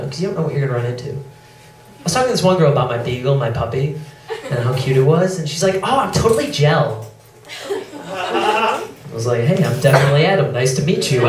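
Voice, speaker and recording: A young male comedian does a stand-up set at a comedy club, self-deprecating and sheepish, with apologetic asides and rapid impressions of others. His voice is high-pitched against a noisy background, picked up from afar in an echoey room where the crowd laughs.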